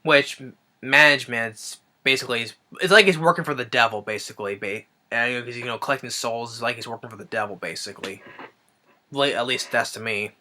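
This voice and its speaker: A man giving a casual spoken film review, halting and restarting his phrases as he thinks aloud. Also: medium pitch, bright, forceful tone. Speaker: movie reviewer.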